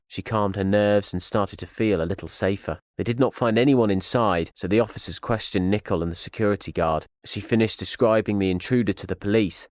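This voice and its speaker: A man reading a thriller audio drama as narrator, in a steady storytelling manner. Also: sits low, dry recording, studio quality.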